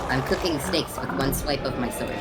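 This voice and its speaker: Low-voiced woman making deadpan quips. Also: moderate pace, loud music behind the voice. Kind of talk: casual gaming chat.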